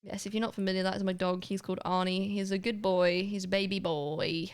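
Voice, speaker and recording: A young woman talks to her viewers while she plays a game. Her talk is loose and chatty, with a laugh close at hand and the odd swear word. Her voice sits at a middle pitch. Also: little pitch movement, a little fast, clear, resonant tone. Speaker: live streamer. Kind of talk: casual gaming livestream chat.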